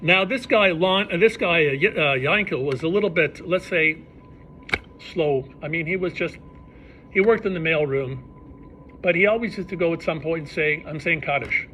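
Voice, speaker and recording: Rabbi guy telling stories to a live crowd, lively, does the characters' voices, high bright voice. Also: moderate pace, slight background noise. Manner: animated storyteller, acts out characters' voices. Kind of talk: storytelling talk to a live audience.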